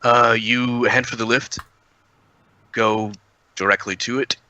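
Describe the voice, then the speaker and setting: Slow, bright-voiced man running the game. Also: mid-range voice, little pitch movement, highs cut off. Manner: slow, hesitant, many "uh"s. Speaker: dungeon master. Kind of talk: narrating a tabletop game.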